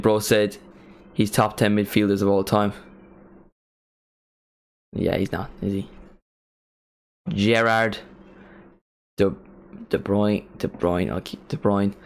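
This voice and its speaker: A young man casually commentating a live football watchalong, chatting and bursting into excited reactions. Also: on the low side. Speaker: streamer hosting a match watchalong.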